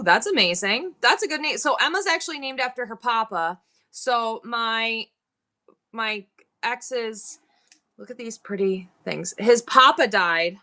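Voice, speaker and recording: A woman runs a live online sale, her mid-range voice bright and forceful. She chats rambly about family stories and thanks viewers by name as she goes.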